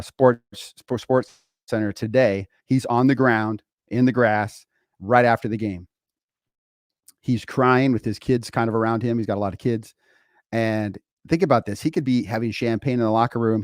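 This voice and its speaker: A man's voice: lowish voice, a little mellow, dry recording, clean studio sound. A middle-aged man hosting a motivational podcast, talking conversationally and preaching with rhetorical questions and fillers. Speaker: podcast host and coach.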